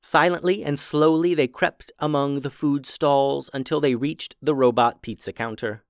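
A man narrating a children's story in an expressive, playful way. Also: on the high side, normal speed, gravelly, smooth, dry recording, studio quality.

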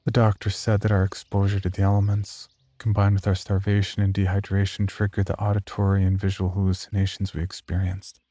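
A man narrating a horror story in the first person, grim and measured. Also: sits low, monotone, mellow, no echo.

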